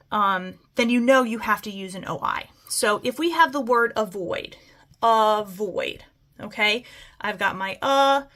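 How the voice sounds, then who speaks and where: A woman's voice: medium pitch, fairly bright tone. A woman teacher giving a patient, step-by-step spelling lesson, often checking in with "okay?".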